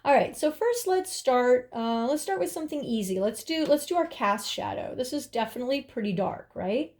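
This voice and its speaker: A woman's voice: sits high, animated, normal speed, a little mellow. A woman teaching a drawing lesson, upbeat and encouraging, talking as she draws. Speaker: art teacher.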